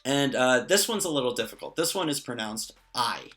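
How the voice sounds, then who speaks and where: A man's voice: medium pitch, expressive, normal speed, a bit bright, faint music behind. A man explaining pronunciation in a casual lesson, patient and lightly joking. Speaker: language teacher.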